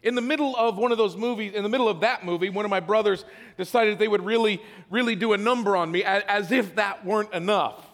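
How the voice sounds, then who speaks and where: A man's voice: sits high, fast, gravelly, fairly bright tone. A middle-aged male pastor preaching a sermon, telling a story with self-deprecating humor and repeating words as he builds. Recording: hall reverb.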